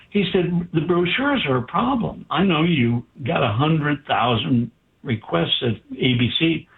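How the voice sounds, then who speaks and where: A man's voice: on the high side, moderate pace, husky. A man, a doctor being interviewed, telling a story with animation and acting out the dialogue. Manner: animated, acts out quoted dialogue. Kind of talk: anecdotal storytelling. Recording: tinny phone-like line.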